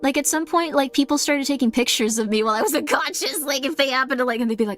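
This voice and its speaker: A woman's voice: high voice, fast talker, few pauses, fairly bright tone, faint music behind. A woman streamer chatting casually with her viewers in a rambling way, with many fillers and frequent laughs.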